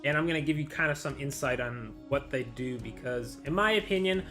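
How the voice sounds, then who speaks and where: A man's voice: medium pitch, fairly quick, bright, forceful tone, faint music behind. A man venting in a casual vlog, rambling and frustrated, with lots of restarts and quoted back-and-forth. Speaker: vlogger.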